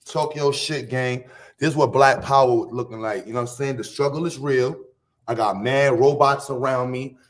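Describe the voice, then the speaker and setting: A man from Harlem, hosting a casual livestream rant full of profane, boastful street slang and loud bursts. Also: mid-range voice, fairly even intonation, normal speed. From Harlem, New York. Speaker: livestream host.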